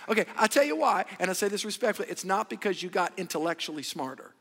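A man preaching a sermon as pastor, animated and calling on the congregation to answer back. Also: high-pitched, fast talker, creaky. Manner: animated, call-and-response with congregation. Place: large church hall. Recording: echoey church hall.

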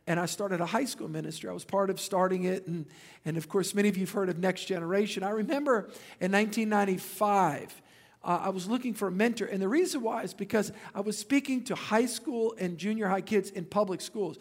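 A man in his fifties preaching in a church, his voice pitched high for a man. He tells stories with energy and throws joking asides to the congregation. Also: a little fast. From Louisiana. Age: 50s. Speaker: pastor. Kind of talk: sermon.

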